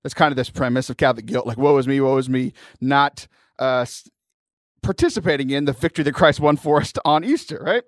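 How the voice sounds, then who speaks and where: A man's voice: on the high side, a little fast, no room sound, studio quality. Upbeat joking male radio host. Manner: energetic, jokey, rambling with restarts. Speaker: podcast host. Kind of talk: casual comedic radio chat. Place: radio studio.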